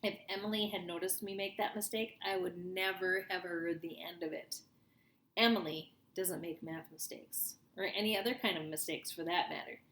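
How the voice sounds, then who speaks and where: Bright, chatty woman storyteller reading to kids in an echoey room. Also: lowish voice, steady tone, normal speed. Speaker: reader. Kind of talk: reading a children's book aloud. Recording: roomy echo.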